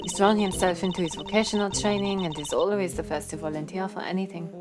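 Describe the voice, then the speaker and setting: A woman voicing a doting, pompous female prison warden with a put-on vague Russian accent, theatrical and drawn-out. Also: fairly low pitch, steady tone, close to an everyday voice. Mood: gushing. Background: game music.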